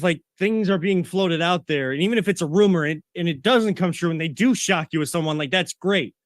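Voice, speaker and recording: A man's voice: on the high side, fairly bright tone, no room sound, clean studio sound. A man co-hosting a sports talk show, ranting and getting worked up as he makes his point. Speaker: co-host.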